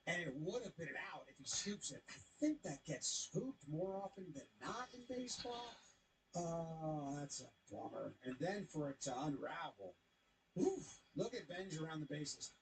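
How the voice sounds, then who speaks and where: Jokey man recapping baseball highlights. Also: moderate pace, a little hiss or hum. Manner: animated, jokey, voices the players. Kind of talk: casual play-by-play recap.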